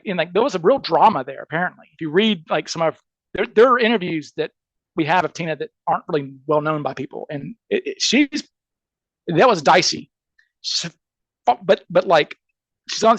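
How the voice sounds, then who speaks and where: A man telling a story in casual podcast chat, animated and chatty, acting out the people he quotes with lots of "like" and quick restarts. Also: high-pitched, dry recording. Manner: animated, acts out quoted people with shifting voices.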